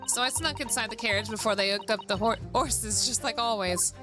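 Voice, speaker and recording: A woman's voice: a little high, a little fast, close to an everyday voice. A woman voicing a cheeky young female street urchin thief, reading her lines in chatty slang over background music. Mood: telling story. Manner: chatty dialect slang, read aloud plainly.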